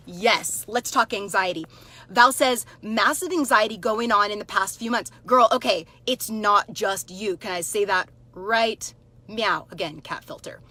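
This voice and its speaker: A woman's voice: medium pitch, bright, forceful tone. A woman in her thirties coaching live and talking straight to her viewers in a chatty, upbeat way. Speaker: life coach hosting a live stream. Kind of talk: casual live-stream coaching talk.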